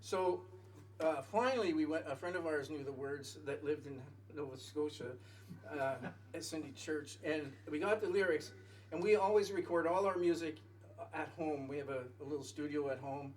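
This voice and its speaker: A man's voice: a little high, moderate pace, a little hiss or hum. A man telling a long, rambling story on stage between songs, stopping himself and laughing at his own jokes. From Canada. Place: small music venue with audience. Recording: live music venue, mic from a distance.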